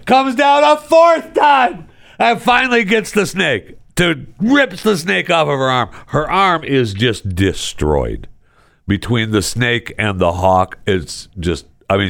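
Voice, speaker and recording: A man hosting a podcast, telling news stories in casual solo commentary with a sarcastic, animated manner. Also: creaky, dry recording, studio quality. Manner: sarcastic, animated storytelling with big pitch jumps. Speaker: podcast host.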